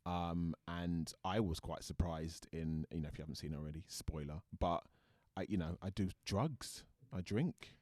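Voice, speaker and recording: A British actor guest chats thoughtfully in a casual interview, frequently restarting his sentences. His low, darkish voice moves at a normal pace with hardly any pauses, captured in clean studio sound with no room noise.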